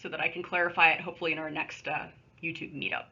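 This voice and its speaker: A woman teacher talks through a recorded online lesson, patient and conversational, with little asides as she works. Her voice is bright and a bit husky. The sound is dull and lo-fi, from a computer microphone. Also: low voice, level tone, rapid-fire. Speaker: high school English teacher. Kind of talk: recorded remote lesson with screen share.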